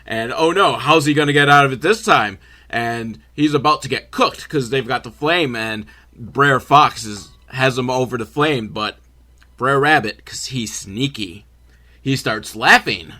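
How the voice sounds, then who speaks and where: A man's voice: mid-range voice, unhurried, pushed and bright. A man giving a sarcastic, profane comedic film recap, full of rambling asides. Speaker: comedy reviewer.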